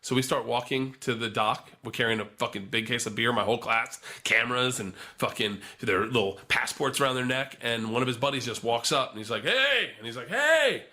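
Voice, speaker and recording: A man's voice: medium pitch, fairly even intonation, a little fast, few pauses, sharp tone. A man, a guest on a podcast, telling a long profane anecdote in casual chat, full of restarts.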